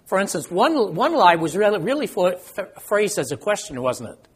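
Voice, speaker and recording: With a high, very animated, slightly rough voice at normal speed, an older man guides an informal Bible study. He keeps it conversational, asks the group questions, and makes self-deprecating jokes about his memory.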